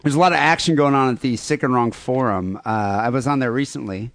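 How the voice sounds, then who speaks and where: A man's voice: mid-range voice, brisk, a bit bright, no room sound. A man co-hosting a crude podcast, reading listener emails and rambling sarcastically. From United States. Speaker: podcast co-host.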